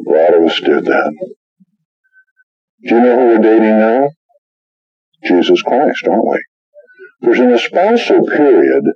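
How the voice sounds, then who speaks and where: A man's voice: on the low side, dry recording, highs cut off. A middle-aged man preaching a sermon, telling stories and acting out the voices in them. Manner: animated storytelling, acts out quoted voices. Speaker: pastor.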